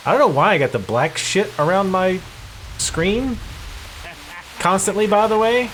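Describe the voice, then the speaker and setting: A man's voice: sits high, measured pace, pauses often, fairly bright tone, a little hiss or hum. A man casually commentating his gameplay, joking and sarcastic and swearing freely. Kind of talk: casual let's-play commentary.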